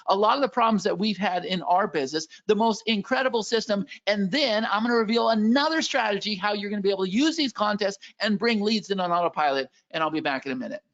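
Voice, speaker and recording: A man giving a hyped, pushy sales pitch as the presenter of a live webinar. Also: a bit bright, muffled recording.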